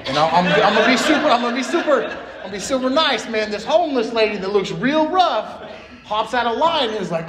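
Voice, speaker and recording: A man's voice: extremely high pitch, very animated, brisk, a crowd in the background. Blunt, profane man in an echoey room. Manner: blunt, profane, street slang. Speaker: speaker at a recovery meeting. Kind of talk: personal recovery share. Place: meeting room.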